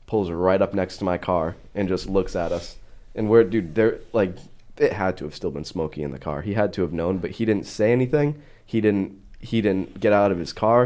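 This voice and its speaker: A young man, a podcast guest, telling a story in casual, rambling chat. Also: low-pitched. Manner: relaxed, rambling with fillers.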